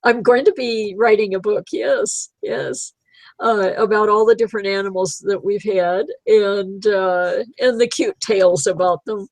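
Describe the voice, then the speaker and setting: A woman's voice: medium pitch, steady tone, unhurried, darkish tone, no echo, poor audio. Chatty woman in her eighties, dry sound. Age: 80s. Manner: rambling storyteller who laughs often. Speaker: guest, writer of pet stories. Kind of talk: casual chat.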